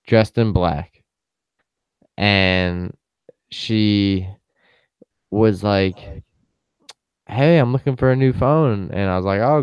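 A man's voice: lowish voice, smooth, no room sound, dull audio. A young man co-hosting a casual podcast chat, telling loose stories and acting out what people said in a raised voice. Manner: loose storyteller who acts out quoted lines in a raised voice. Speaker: podcast co-host.

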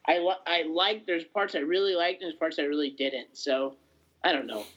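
A man's voice: on the high side, normal speed, fairly bright tone, highs cut off. A man co-hosting a podcast in casual chat, talking hesitantly and filling his speech with "like" and "um". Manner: hesitant, full of "like" and "um". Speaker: podcast co-host.

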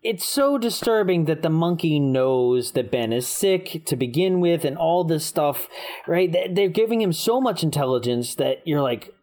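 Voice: mid-range voice, animated, normal speed, darkish tone. A podcast co-host recapping a film in casual comedic chat, laughing often and restarting sentences.

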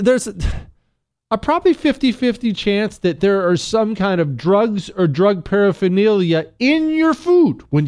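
A man's voice: fairly high pitch, clear, resonant tone. A man hosting a radio talk show, ranting sarcastically with laughs. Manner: sarcastic, animated rants with laughs.

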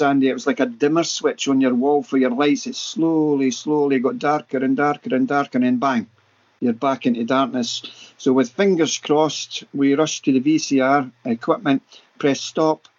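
Here the same kind of speaker, a Scotsman in his sixties guesting on a podcast, has a voice on the high side, with the highs cut off in the audio. His paranormal anecdotes are lively and vivid, and he keeps repeating words to drive a point home.

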